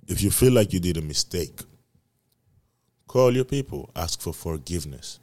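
A man hosting his own podcast, talking in a rambling, profane, preachy monologue with emphatic repetition. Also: low-pitched. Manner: repetitive emphatic delivery, swinging loud and soft. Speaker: podcast host. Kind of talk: casual solo podcast monologue.

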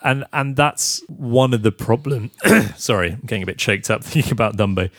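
A man's voice: medium pitch, normal speed, no room sound, clean studio sound. A man chatting casually as a podcast co-host reviewing a film, wry and laughing as he talks. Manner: wry, laughs while talking.

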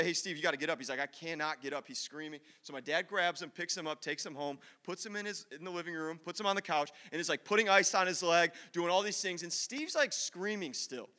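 A man preaching to a room, telling an animated personal story and acting out the voices of the people in it. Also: high-pitched. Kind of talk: storytelling sermon. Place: large hall with an audience. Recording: long hall reverb.

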